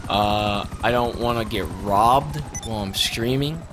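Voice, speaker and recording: Speaking at a mid-range pitch and a slightly slow pace, this young man is streaming a game and bantering with a friend. He swears, laughs and reacts loudly to what's happening on screen, and the stream audio is noisy.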